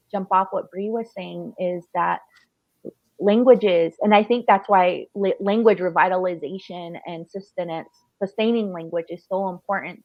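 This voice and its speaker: A woman in a book club discussion, speaking in a measured way and restarting as she builds her point. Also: on the low side, no room sound, highs cut off. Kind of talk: casual chat.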